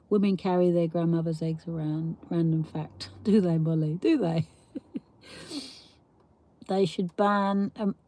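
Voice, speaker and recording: A woman's voice: fairly low pitch, steady tone, takes it slowly, long pauses, mellow. A woman from South East London with a South East London accent, hosting a casual livestream and chatting with viewers, laughing often between rambling asides. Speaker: livestream host. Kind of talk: casual live chat reading comments.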